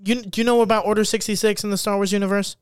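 A man co-hosting a comedy podcast, telling stories in animated, profane banter. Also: sits high, rapid-fire, clear, resonant tone, no room sound, studio quality. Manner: animated, profane, acts out scenes in goofy voices. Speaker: podcast co-host.

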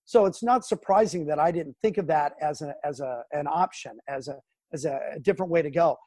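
Brief: middle-aged sports broadcaster, lively storyteller, high voice, dry close sound. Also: male voice, fairly quick, no echo. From Southern California. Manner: animated storyteller, acts out quotes and sounds. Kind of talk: storytelling interview.

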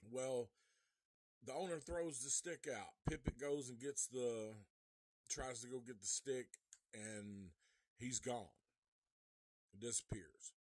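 Slow, rambling, profane man. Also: mid-range voice, dry recording. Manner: rambling, profane, restarts often. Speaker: movie reviewer. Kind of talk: casual live movie review.

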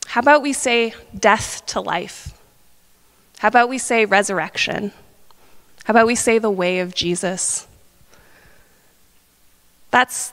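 A woman in her thirties preaching a sermon in a chatty, animated storytelling manner. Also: mid-range voice. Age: 30s. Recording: long hall reverb.

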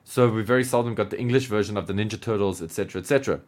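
A man co-hosting a podcast in casual chat, animated and laughing, with lots of filler words. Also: lowish voice, rapid-fire. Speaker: podcast co-host.

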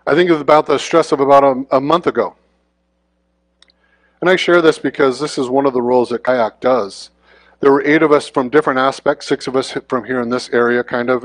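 A man preaching in a relaxed, conversational way, tossing quick questions to the congregation as he goes. His voice sits at an ordinary middle pitch for a man. It is recorded close up and dry, with almost no room sound. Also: dry recording. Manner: informal, often checks in with the congregation. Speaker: guest preacher. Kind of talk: conversational sermon.

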